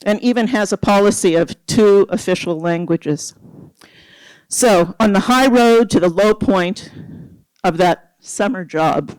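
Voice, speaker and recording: A poet from Nova Scotia, Canada, reading an original poem at an open mic, slow and measured, with pauses. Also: medium pitch, a little mellow, dry recording, rough recording. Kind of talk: poetry reading with spoken preamble.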